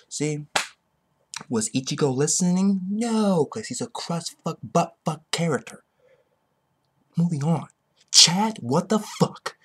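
A man ranting excitedly about a manga chapter, swearing constantly and repeating himself. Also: on the high side, unhurried, breathy edge. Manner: excitable, heavily profane, repetitive. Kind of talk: ranting reaction commentary.

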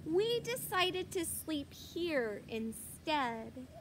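A woman reading aloud voices an excitable, whiny little boy frog from a storybook. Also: high voice, extremely slow, noisy background, voice pushed up, full character voice. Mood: eager.

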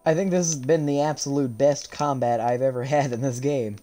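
A man giving live commentary as he plays a game, animated and often laughing, chatting to the characters on screen. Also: medium pitch, brisk, soft background music. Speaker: streamer.

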